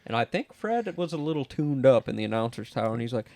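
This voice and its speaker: A man's voice: mid-range voice, big pitch swings, fast, vocal fry, hardly any pauses, a little mellow, dry recording. A man, co-hosting a casual motocross podcast, telling laid-back stories with swearing and laughter. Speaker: podcast co-host. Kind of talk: casual chat.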